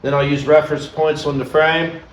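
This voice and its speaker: A man's voice: a little high, little pitch movement, moderate pace, slight background noise. A man hosting a car restoration vlog, chatting casually and folksy while he works and hands out plain advice. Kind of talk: casual chat and work narration.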